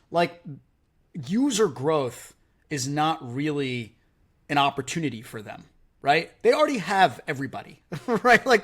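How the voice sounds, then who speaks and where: A man hosting a podcast, talking casually and energetically, filling his speech with "like" and "right?". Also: fairly high pitch. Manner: animated, heavy use of "like" and "right?". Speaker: podcast host.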